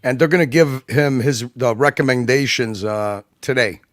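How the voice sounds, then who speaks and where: A man's voice: medium pitch, normal speed, dry recording, studio quality. A man talking as a guest on a livestream, rambling and emphatic, with many restarts and asides. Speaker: guest commentator. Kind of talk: casual livestream chat.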